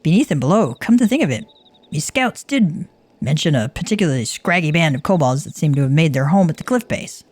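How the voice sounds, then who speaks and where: Woman voicing a male commander, game, gruff, blunt, scornful, lowered voice, dry sound. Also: lively intonation, a little fast, a little mellow, dry recording. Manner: blunt and scornful, old-fashioned speech.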